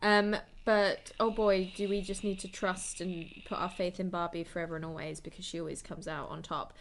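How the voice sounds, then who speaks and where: A woman's voice: fairly low pitch, steady tone, normal speed, a little hiss or hum. A woman co-hosting a film podcast, chatting casually and with animation, full of "like" and "sort of", with some swearing. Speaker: podcast co-host. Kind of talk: casual film review chat.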